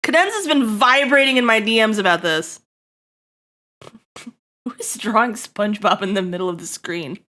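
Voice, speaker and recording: A woman streaming live, chatting to her viewers in an excitable, giggly way. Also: mid-range voice, a little slow, long pauses. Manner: excitable, giggly, talks straight to chat.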